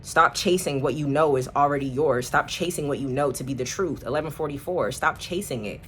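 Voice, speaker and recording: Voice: medium pitch, a little fast, a little hiss or hum. A tarot reader speaking straight to the viewer, emphatic and repeating affirmations. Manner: addresses viewers warmly and directly. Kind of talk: direct-to-camera tarot reading.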